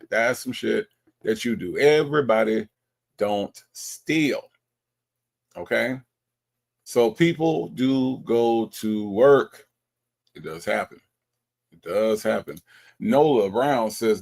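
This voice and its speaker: Gravelly man hosting a livestream. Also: medium pitch, a little slow. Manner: animated, reads viewer comments aloud and apologizes in a teasing way. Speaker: livestream commentary host. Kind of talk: casual livestream commentary.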